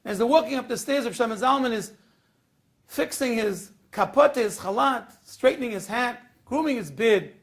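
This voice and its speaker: High, gravelly man telling a sermon story. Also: lively intonation, normal speed. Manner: dramatic storyteller, swings from hushed to loud. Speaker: rabbi.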